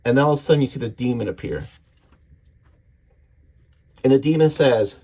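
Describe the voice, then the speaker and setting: A man's voice: medium pitch, normal speed, pauses often, warm tone. A man casually and enthusiastically recapping a comic book issue, acting out the characters' lines as he goes. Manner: enthusiastic, retelling panels with voices.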